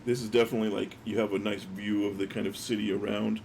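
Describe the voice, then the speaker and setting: Dungeon master, a man with a low, gravelly voice, rambling game narration full of fillers. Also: level tone, fast talker, a little mellow, slight background noise. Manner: loose, filler-heavy narration.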